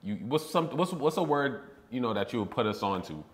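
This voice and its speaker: A man's voice: mid-range voice, very animated. A young man, interviewing a guest in a casual, curious and playful way. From New York. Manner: curious, playful questions, quick laughs.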